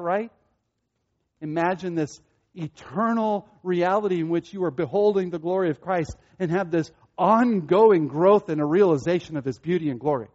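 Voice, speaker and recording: A man preaching a sermon earnestly, repeating himself and building to excited peaks. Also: fairly high pitch, moderate pace, dull audio. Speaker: pastor.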